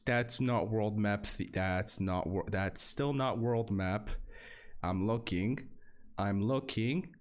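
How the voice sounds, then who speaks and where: A young man streaming flash games live, excitable and repetitive, swearing often and jumping between flat mutters and sudden high outbursts. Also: takes it slowly. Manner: excitable, repetitive, swears, lively swings in pitch. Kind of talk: live game stream commentary.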